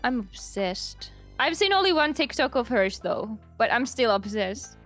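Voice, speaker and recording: Slow-talking Finnish-accented woman. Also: on the high side, sing-song, a bit bright, faint music behind. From Finland. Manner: playful, repeats words. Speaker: guest player. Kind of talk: casual chat while playing online.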